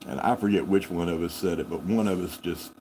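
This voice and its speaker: A fairly low-voiced man spins a folksy, rambling yarn on a live farm stream. He corrects himself as he goes, unhurried and homespun. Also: fairly even intonation, warm tone, a little hiss or hum, poor audio. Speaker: farm channel host.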